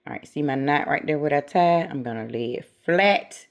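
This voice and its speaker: A woman's voice: deep voice, expressive, normal speed. A middle-aged woman hosting a casual how-to craft tutorial, chatting and talking herself through each step as she works.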